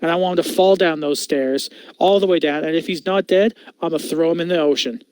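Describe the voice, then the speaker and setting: A man's voice: fairly high pitch, fairly quick, a little mellow, smooth, no echo. A man co-hosting a podcast, ranting in exasperation and swearing in casual chat.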